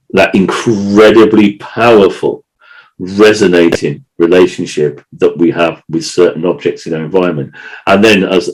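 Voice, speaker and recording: A man's voice: deep voice, rough recording. A man co-hosting a podcast, talking in an emotional, rambling way with many restarts and repeated words. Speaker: podcast co-host. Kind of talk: casual chat.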